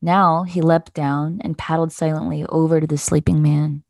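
A woman podcast host reading a children's picture book aloud in a gentle, measured way. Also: sits low, flat delivery, creaky, no room sound, clean studio sound.

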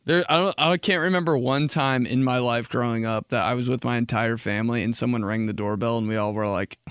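A young man hosting his own podcast talks in a loose, rambling way, full of "like" filler, and he keeps jumping into jokey high voices. His voice sits in an ordinary middle range. It comes through a close mic in a dry, deadened room. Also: brisk, hardly any pauses, a bit bright, clear, resonant tone, no room sound. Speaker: podcast host. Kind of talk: casual solo podcast chat.

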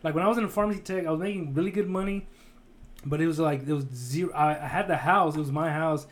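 A man's voice: a little high, quick pace. A man hosting a podcast in casual chat, rambling and restarting his sentences. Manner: rambling, with frequent restarts and laughs. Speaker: podcast host.

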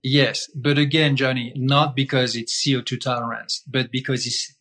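Guest man, mid-pitched voice, emphatic and repetitive teacher who answers his own questions. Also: level tone, normal speed, fairly bright tone. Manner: emphatic, repetitive, asks himself rhetorical questions. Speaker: guest breath-holding teacher. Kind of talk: explaining in conversation.

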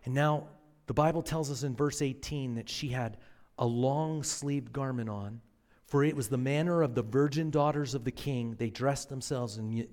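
Impassioned male preacher in a big hall. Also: a little high. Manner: dramatic storytelling, swinging from hushed to impassioned. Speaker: pastor. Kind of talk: sermon. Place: church auditorium.

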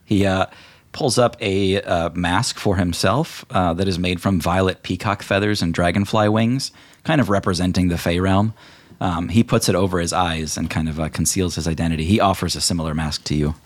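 A man narrating as game master of a tabletop role-playing game, in a relaxed storytelling manner with many fillers. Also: sits low, moderate pace.

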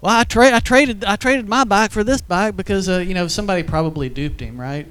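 Talking fairly quickly in a high voice with a fairly bright, clean tone, this man shares stories during a casual church teaching, chatting along with many asides and fillers. For a moment he becomes emotional and chokes up.

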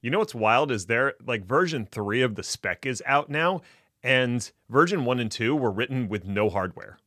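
A man co-hosting a podcast in casual banter, playful and jokey with deadpan bits. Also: medium pitch, moderate pace, no echo, studio quality. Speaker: podcast co-host.

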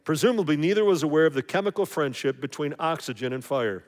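A man's voice: fairly high pitch, animated, quick pace. A man preaching a conversational sermon as a pastor, briefly acting out the voices of the people he quotes. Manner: conversational, acts out voices of others. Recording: long hall reverb.

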